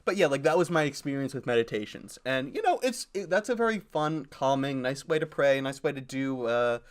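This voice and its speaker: A man's voice: mid-range voice, animated, fairly quick, smooth. A young man co-hosting a podcast in casual chat, rambling with lots of fillers. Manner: rambling with many fillers and laughs. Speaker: podcast co-host.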